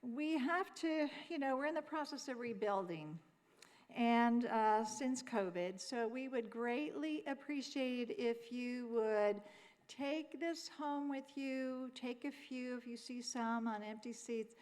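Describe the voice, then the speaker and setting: A woman's voice: a little high, takes it slowly, a little mellow. Chatty woman host in an echoing hall. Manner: chatty and pleading. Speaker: event host. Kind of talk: announcements at a showcase. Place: auditorium stage. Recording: long hall reverb.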